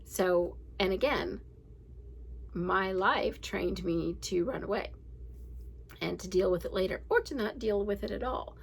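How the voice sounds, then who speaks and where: A candid woman in her forties hosts a daily reading podcast, talking in a casual, reflective, rambling way and laughing as she goes. Her mid-range voice is unhurried and creaky with a breathy edge, and the recording quality is low.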